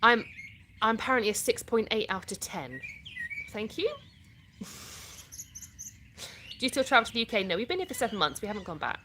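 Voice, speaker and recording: A woman's voice: on the high side, very animated, fairly quick, long pauses, sharp tone, slight background noise. A British woman from the UK hosting a casual livestream, reading out viewer comments and answering them in a chatty way. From United Kingdom.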